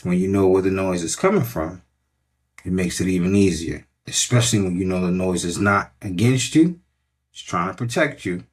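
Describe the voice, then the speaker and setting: A man's voice: low voice, breathy edge. A middle-aged man, a fitness coach giving emphatic, repetitive motivational talk and often checking in with "right?".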